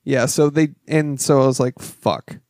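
A man's voice: mid-range voice, steady tone, a little slow, a little mellow, dry recording, studio quality. A man co-hosting a casual movie podcast, rambling and swearing, often acting out what he heard. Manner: rambling, acts out quotes, swears. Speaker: podcast co-host. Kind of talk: casual chat.

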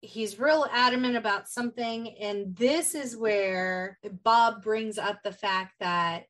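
A woman's voice: mid-range voice, slow pace. A woman casually recapping a horror movie with a co-host, animatedly acting out quoted lines. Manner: animated retelling with quoted voices. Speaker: podcast co-host.

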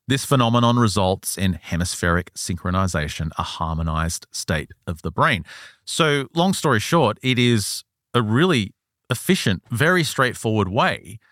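A man with a fairly low voice, recorded close and dry on a studio mic. He talks in a relaxed, chatty way, retelling a story for a podcast and now and then putting on the voices of the people in it. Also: moderate pace, no room sound. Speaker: podcast host. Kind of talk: casual storytelling chat.

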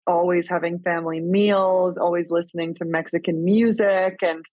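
A woman's voice: on the low side, fairly even intonation, normal speed, a little mellow, no echo. A woman from Canada, a podcast guest whose first language is Spanish, chatting casually and animatedly and laughing often. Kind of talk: casual interview chat.

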